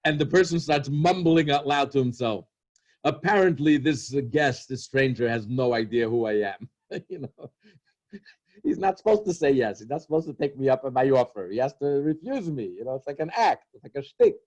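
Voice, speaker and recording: A man giving a sermon as a rabbi, telling humorous stories and acting out their characters in an animated way. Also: mid-range voice, moderate pace. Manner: storytelling, animated, acts out characters in jokes.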